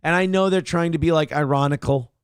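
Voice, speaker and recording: A man's voice: a little high, fast, clear, resonant tone, no echo, studio quality. A man co-hosting a morning talk show, trading crude jokes and mock voices in casual banter. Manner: profane, jokey, does mock voices. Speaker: co-host.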